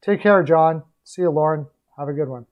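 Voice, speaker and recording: A man with a slightly high voice chats casually on his live stream. He rambles along easily with plenty of fillers, and his voice is getting worn and hoarse as he talks. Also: normal speed, dull audio. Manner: relaxed, rambling sign-off with fillers. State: losing his voice.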